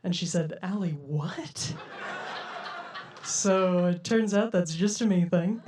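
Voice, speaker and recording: Young woman, stand-up comic, playful and giggly, mid pitch, slightly distant from the mic. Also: darkish tone, slight background noise. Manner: playful, giggly delivery with frequent laughs. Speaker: stand-up comedian. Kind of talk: stand-up set. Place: comedy stage before a live audience.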